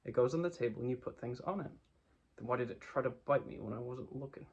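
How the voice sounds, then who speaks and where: A man's voice: medium pitch, fast, a little mellow, muffled recording, a little hiss or hum, close to an everyday voice. A man voicing a bouncy, cheerful young male tiger who talks in a confident, decided way.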